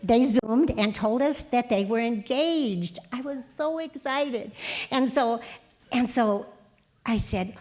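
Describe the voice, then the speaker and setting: A woman's voice: fairly high pitch, takes it slowly, darkish tone. A middle-aged woman giving a wedding toast as mother of the groom, chatty and laughing as she tells family stories. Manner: chatty and laughing, quotes family in her own voice. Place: wedding reception hall with guests.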